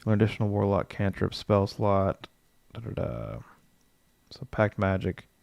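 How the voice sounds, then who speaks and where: Gravelly low-voiced man musing aloud. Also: very animated, unhurried, a little mellow, no room sound, highs cut off. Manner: muses aloud, reads rules text, answers chat. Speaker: streamer building a game character. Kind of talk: casual livestream chat, thinking aloud.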